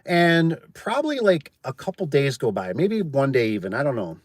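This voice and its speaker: A man's voice: mid-range voice, big pitch swings, normal speed, no echo. A man who runs a garage door business, telling a work story in a casual, chatty way and often adding "like" and "right?". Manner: chatty, tosses in "like" and "right?", acts out quoted voices.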